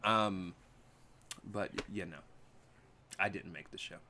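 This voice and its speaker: A man's voice: deep voice, slow pace, noisy background. A man co-hosting a casual podcast, who gives blunt, opinionated takes and swears freely. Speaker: podcast co-host; parent. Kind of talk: casual chat.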